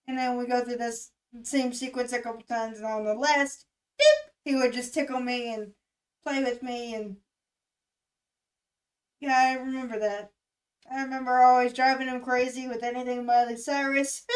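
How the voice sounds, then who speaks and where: A young woman in her twenties talking candidly and emotionally in a casual vlog, swearing freely and pausing with fillers. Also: on the high side, fairly even intonation, recorded from a distance, low-quality recording. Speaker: music reaction vlogger. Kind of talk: casual chat.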